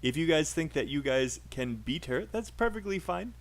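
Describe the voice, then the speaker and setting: A man's voice: on the high side, animated, moderate pace. A man with a British accent teaching a live online English pronunciation class, upbeat and encouraging with frequent fillers.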